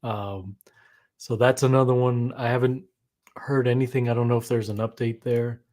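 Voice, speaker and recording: Guy co-hosting sports talk, kinda down, lots of ums, mid pitch. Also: fairly even intonation, normal speed, a little mellow. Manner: subdued, glum, hesitant with many ums. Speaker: podcast co-host. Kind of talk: casual sports chat.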